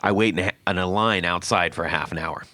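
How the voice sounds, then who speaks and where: A man hosting a podcast, telling a story in a casual, animated way and acting out what people said. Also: sits low, a little fast, no echo. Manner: animated, acts out quotes with laughs. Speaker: podcast host.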